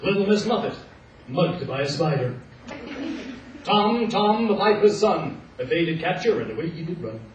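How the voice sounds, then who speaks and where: A man playing a hardboiled male detective, narrating in a deadpan, mock-serious way in an echoey hall. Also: high-pitched, moderate pace, slight background noise. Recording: echoey hall, distant mic, dull sound.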